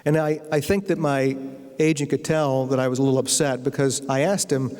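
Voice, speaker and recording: A man's voice: mid-range voice, flat delivery, fairly quick, a little mellow. American man telling a comic lecture story. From United States. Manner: anecdotal, with comic timing. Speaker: guest lecturer and novelist. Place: university lecture hall. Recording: long reverb of a lecture hall.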